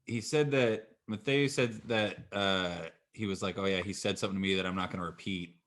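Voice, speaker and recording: A young man with a low, deep voice hosts a loose chat show. He talks in an easygoing way, swears freely and laughs often. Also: steady tone, brisk, fairly bright tone, a little hiss or hum. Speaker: podcast host. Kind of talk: casual chat.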